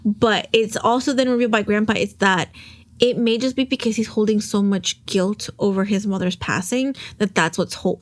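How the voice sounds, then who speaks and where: Young woman podcaster rambling thru a show recap, kinda teary, medium voice. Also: medium pitch. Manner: emotional, rambling, close to tears. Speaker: podcast host. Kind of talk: casual chat recapping a drama.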